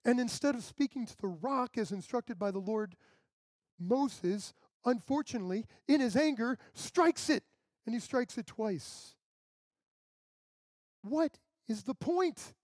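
Mellow-voiced pastor preaching conversationally. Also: male voice, very high-pitched, expressive, unhurried, no room sound. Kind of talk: sermon.

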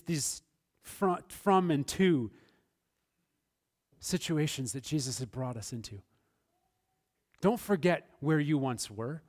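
A man preaching a Good Friday sermon to his church, swinging between soft, hushed passages and emphatic, raised lines. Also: medium pitch. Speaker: pastor.

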